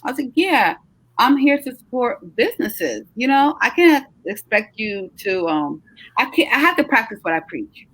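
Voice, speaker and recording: A middle-aged woman who runs a travel agency hosts a casual live chat in a chatty, encouraging way, stretching words to emphasize them, yet she sounds tired. Her slightly high voice is animated, a bit bright and husky, at normal speed. It's dry and close, with no room sound.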